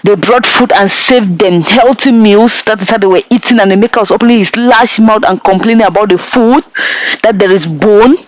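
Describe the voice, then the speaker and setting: A Nigerian-accented film reviewer recaps a plot casually and emphatically, repeating himself, adding commentary and addressing viewers directly. His voice sits in the mid range at a moderate pace. The recording is dry and of poor quality.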